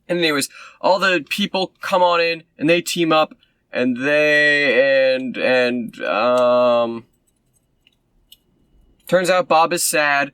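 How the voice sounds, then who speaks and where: A man rambles through a movie plot in a loose, sarcastic way, full of ums and side remarks. His voice sits at an ordinary pitch, and the sound is dry and close, with no room around it. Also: fairly bright tone, smooth, dry recording. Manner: sarcastic, rambling, with many fillers. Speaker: movie reviewer. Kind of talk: casual rambling recap.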